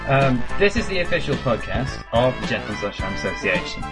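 A man's voice: medium pitch, very animated, fairly quick, over loud music. A man hosting a casual podcast, rambling and joking with plenty of ums. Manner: rambling, jokey, lots of ums. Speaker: podcast host.

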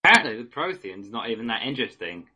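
Dude with a bright edgy voice, a bit raspy, just tossing out opinions. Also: male voice, mid-range voice, big pitch swings, quick pace. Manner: offhand, opinionated. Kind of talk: casual gaming chat.

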